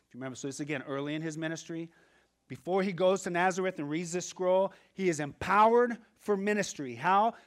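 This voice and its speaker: A male pastor with a fairly high-pitched voice preaches a sermon, shifting from quiet asides to loud, emphatic passages. He acts out the voices of the people he quotes.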